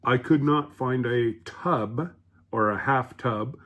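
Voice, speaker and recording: A man's voice: medium pitch, takes it slowly, a bit bright. A man casually rambling through a home cooking vlog, chatty and full of fillers, restarts and asides.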